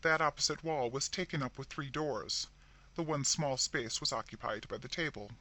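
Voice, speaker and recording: A man narrating a scripted horror story in a dramatic, expressive reading. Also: mid-range voice, moderate pace.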